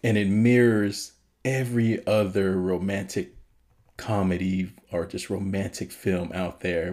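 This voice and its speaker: Male podcast co-host, lower register, easygoing scene-by-scene recap. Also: a little mellow. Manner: retells scenes with frequent laughter. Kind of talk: casual film review chat.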